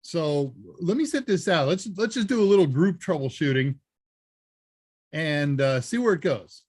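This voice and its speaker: A man hosting a live Q&A stream, chatting casually and joking as he reads messages and thinks out loud. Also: fairly high pitch, lively intonation, normal speed, breathy edge, no room sound. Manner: chatty, jokey, thinks aloud. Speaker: live Q&A host.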